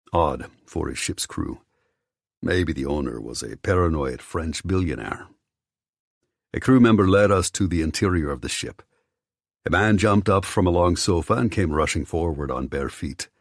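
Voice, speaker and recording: Deep, husky male audiobook narrator. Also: no room sound, studio quality. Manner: tense, inward, first-person storytelling.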